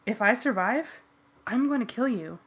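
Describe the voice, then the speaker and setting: A woman voicing Jake, a bossy teenage boy, shouting and exasperated in a fan-read audiobook. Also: a little high, expressive, normal speed, slightly rough.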